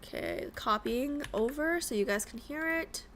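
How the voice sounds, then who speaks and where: A woman's voice: fairly high pitch, lively intonation, moderate pace, fairly bright tone, a little hiss or hum. A woman streamer chatting casually with her viewers, rambling and often asking them questions. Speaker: live streamer. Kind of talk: casual live-stream chat. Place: home streaming setup in New York.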